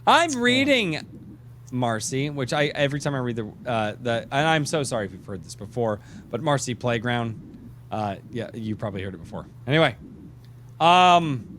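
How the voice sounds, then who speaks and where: A man's voice: medium pitch, expressive, normal speed, fairly bright tone, slight background noise. A middle-aged man hosting a podcast, chatting casually in a rambling way and joking while drinking beer, his voice tired. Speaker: podcast host. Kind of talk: casual live-stream chat.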